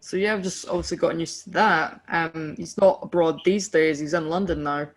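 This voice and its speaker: A woman's voice: low voice, steady tone, moderate pace. A woman with a Scottish accent co-hosting a podcast, chatting casually with lots of fillers and self-deprecating laughs. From Scotland. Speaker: podcast co-host. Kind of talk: casual chat.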